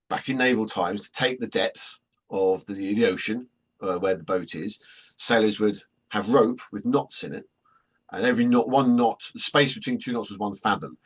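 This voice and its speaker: A man with a husky voice, presenting a workshop in a chatty, joking storytelling way. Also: on the low side, a bit bright. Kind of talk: anecdotal workshop talk.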